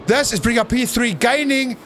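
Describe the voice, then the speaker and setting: A man's voice: very high voice, fairly quick, a bit bright, slight background noise. A man giving live, unscripted commentary on a sim race in a playful, teasing way, exclaiming at crashes.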